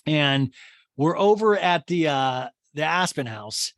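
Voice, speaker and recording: A man's voice: a little high, animated, slow, a bit bright, no echo. A man hosting a comedy podcast, recapping a reality show in a rambling, profane, joking way. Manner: rambling, profane, jokey asides and impressions. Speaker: podcast host.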